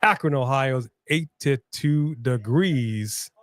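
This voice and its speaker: A man co-hosting a live wrestling watch-along stream in casual chat, loosely joking and reading out viewer shout-outs. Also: medium pitch, slow, no echo.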